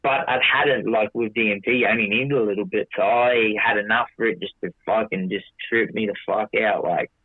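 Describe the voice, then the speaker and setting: A man's voice: fairly low pitch, fairly quick, hardly any pauses, breathy edge, no room sound. A man telling a long story casually, with many restarts, swearing, and quoting himself in dialogue. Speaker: podcast guest. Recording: dry tinny phone-like audio.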